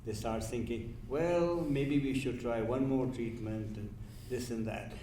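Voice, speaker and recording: A man speaking as a physician on a panel, in a measured way and correcting himself mid-sentence. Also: medium pitch, mellow, slight background noise. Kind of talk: panel discussion remarks. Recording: distant mic in echoey room.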